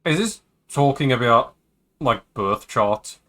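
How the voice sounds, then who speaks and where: A man streaming a visual novel reads its dialogue aloud in a mid-range voice that is animated, slow, and pushed bright. He keeps things casual, slipping joking asides in between the lines he reads.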